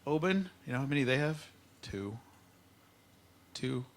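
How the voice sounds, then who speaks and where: A man teaching a live whisky tasting masterclass at an expo, playful and lively, drawing out words for effect. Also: mid-range voice, a little slow, slight background noise. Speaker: whisky educator.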